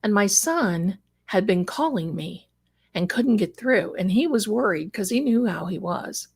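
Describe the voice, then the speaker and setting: A woman's voice: mid-range voice, expressive, unhurried, breathy edge. A middle-aged woman telling a personal story on a live stream, acting out the voices of the people in it with emotion. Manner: emotional, acts out quoted voices. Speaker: psychic guest telling her story.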